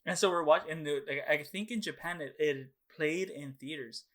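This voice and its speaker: A young man co-hosting a casual podcast chat, his voice sitting a little higher than most men's. He rambles through stories with plenty of fillers and swearing, jumping up in pitch to act out his old reactions. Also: moderate pace, fairly bright tone. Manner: rambling storytelling full of fillers and swearing, acting out his own past reactions. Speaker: podcast co-host.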